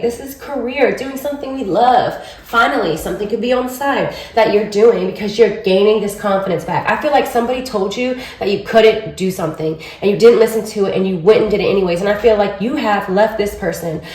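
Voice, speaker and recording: A woman's voice: mid-range voice, darkish tone, reverberant. A woman giving a casual tarot reading, chatty and rambling, often checking in with "okay?". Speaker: tarot reader. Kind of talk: casual spiritual reading to camera.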